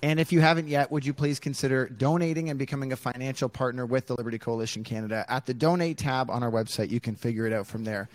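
A man's voice: mid-range voice, fairly even intonation, fast talker, few pauses, no echo. A man co-hosting a podcast in a loose, casual way, with many fillers. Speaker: podcast co-host.

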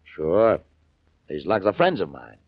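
An actor playing a gruff, streetwise criminal fence with a husky voice, in 1940s radio acting on a muffled old recording. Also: male voice, deep voice, huge pitch swings, unhurried, heavily acted.

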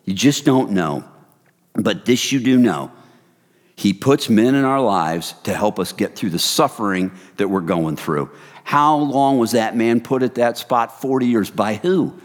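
A male preacher delivers a sermon with a lively, swooping voice that drops to a hush and then jumps into loud excited bursts. He keeps it casual and talks to his listeners as "you guys". A long hall reverb trails behind his words. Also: lowish voice, a little slow. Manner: animated, swings from hushed to loud excited bursts.

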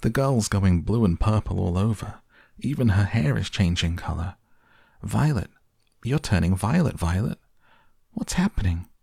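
A man doing a shrill, frantic mother. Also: fairly even intonation, unhurried, hardly any pauses, warm tone, dry recording, studio quality. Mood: alarmed. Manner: shrill and screeching.

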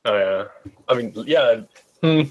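A man's voice: medium pitch, expressive, takes it slowly, dull audio. A man playing a tabletop game, describing his character in a rambling, hesitant way. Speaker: player. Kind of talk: casual chat.

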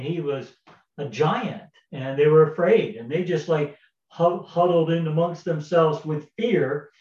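A man's voice: a little high, darkish tone. A man casually retelling a Bible story in a folksy way, with fillers and repeated words. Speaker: Bible teacher. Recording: roomy, distant, dull sound.

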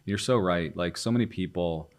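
Deep-voiced man telling stories. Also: normal speed. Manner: animated storyteller, acts out quoted dialogue. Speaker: guest, business owner and ministry leader. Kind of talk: casual podcast storytelling.

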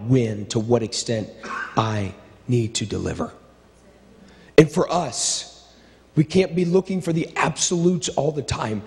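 A middle-aged male pastor preaching a sermon with impassioned, repetitive phrasing, swinging between stirring build-ups and low, quiet asides. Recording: long reverb of a large hall.

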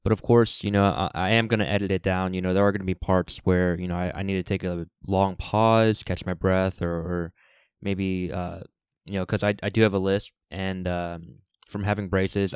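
A man with a very low, resonant voice hosts a solo podcast, thinking aloud in an earnest, reflective way. He often stops and restarts his sentences. The sound is dry and close, with no room echo. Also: clean tone. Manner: halting, with many restarts and fillers. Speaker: podcast host. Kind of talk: unscripted solo podcast monologue.

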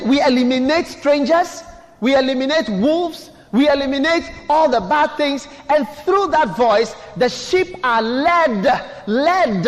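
In a church hall, a high-voiced male pastor preaches a sermon, engaging the congregation in call-and-response questioning. The recording carries the long echo of a large hall.

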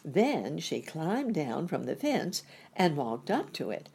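Woman narrator, storybook reading, low creaky voice, husky. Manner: slow, expressive, measured reading. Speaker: audiobook narrator.

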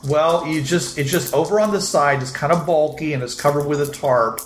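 A man narrating as game master, quick and loose, thinking aloud with fillers. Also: on the high side, reverberant, a little hiss or hum.

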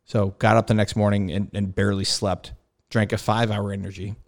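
A man's voice: lowish voice, flat delivery, fairly quick, creaky. A man hosting a casual podcast chat, telling a story about learning to land on a carrier, acting out quoted dialogue and laughing often. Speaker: podcast host, former carrier pilot.

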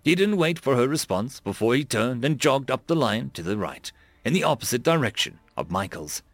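Animated male audiobook narrator. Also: normal speed, no echo. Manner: lively, dramatic reading with varied pitch. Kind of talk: audiobook narration of military fiction.

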